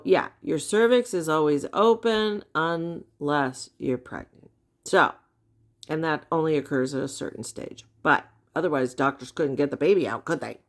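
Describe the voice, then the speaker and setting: Slow, low-voiced woman explaining with wry teasing. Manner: wry and teasing, asks rhetorical questions. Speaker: commentator explaining anatomy. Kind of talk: casual explanatory commentary.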